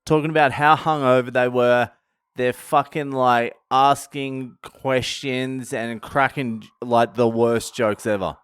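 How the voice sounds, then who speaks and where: A man's voice: medium pitch, fairly even intonation, slow pace, fairly bright tone, clean tone, dry recording, studio quality. Sweary man telling a story. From Australia. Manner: crude, sweary, mocking, laughs at his own jokes. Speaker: vlogger. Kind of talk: profane storytelling rant.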